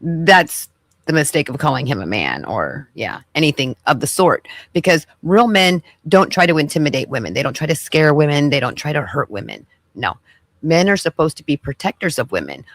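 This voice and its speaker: A woman's voice: deep voice, very animated, moderate pace, a bit bright, no room sound. A woman podcast host giving sassy, preachy commentary as she reacts to clips. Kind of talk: casual commentary.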